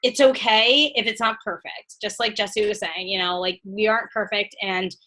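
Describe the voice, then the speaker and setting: A woman's voice: medium pitch, steady tone, moderate pace, sharp tone, poor audio. A woman on a team video call giving casual, chatty advice about making short videos, full of "like" and "you know.". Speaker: guest coach on team call.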